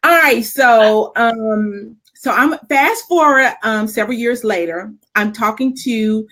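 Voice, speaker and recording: Middle-aged woman talk co-host, mid pitch, animated storyteller. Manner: animated storyteller, laughs often. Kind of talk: casual chat and personal storytelling.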